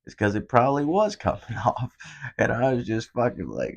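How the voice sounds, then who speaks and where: A man's voice: medium pitch, sing-song, moderate pace, creaky. A young man hosting a podcast, telling a rambling, profane story in a casual monologue. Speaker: podcast host.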